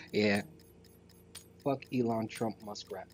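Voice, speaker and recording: A man's voice: fairly low pitch, noisy background. A man livestreaming a shooter game, chatting casually, ranting and trash-talking with a lot of profanity. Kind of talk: casual gameplay commentary. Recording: gunfire and game sounds behind.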